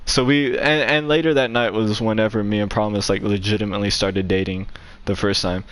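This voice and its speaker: This young man, a gaming channel host, has a smooth, fairly low voice with a steady tone and a fairly quick pace. He tells a rambling story in casual chat, packed with "like" fillers and frequent laughter between lines.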